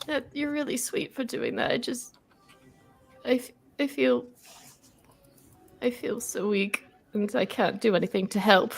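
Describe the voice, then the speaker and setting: A woman voicing the character Callie, speaking haltingly through tears. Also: a little high, creaky, faint music behind. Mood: tearful. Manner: halting, emotional. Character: tearful young woman Callie.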